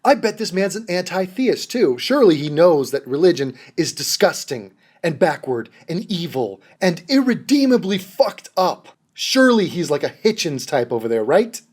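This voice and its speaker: A man's voice: on the high side, very animated, moderate pace, hardly any pauses, a little mellow. Sarcastic, profane man ranting. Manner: profane, mocking, exasperated. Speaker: commentary vlogger. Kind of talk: sarcastic commentary rant.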